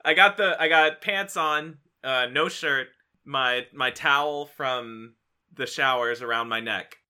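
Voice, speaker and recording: A man's voice: medium pitch, slow, sharp tone, smooth. A man playing a tabletop game, casual and playful, often laughing. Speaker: player.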